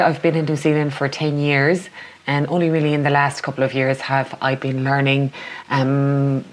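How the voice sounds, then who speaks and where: A woman from Ireland with an Irish accent, giving an earnest, steady personal testimony with the occasional um. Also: extremely low pitch.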